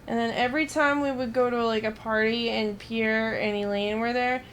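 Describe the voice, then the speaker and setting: A woman's voice: a little high, fairly even intonation, normal speed, slight background noise. A young woman giving casual, blunt gameplay commentary, swearing and mocking the game. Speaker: gaming streamer.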